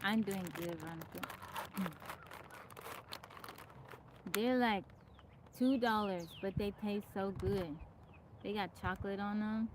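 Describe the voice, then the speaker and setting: A woman's voice: medium pitch, noisy background. A woman hosting a casual live stream, chatting and greeting viewers by name from her home in the woods. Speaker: livestream host.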